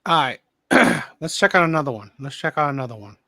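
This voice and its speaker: A man's voice: a little high, lively intonation, fairly quick, creaky, bright, forceful tone, no room sound. Emphatic male call-in host. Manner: emphatic, repeats phrases. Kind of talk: call-in show commentary.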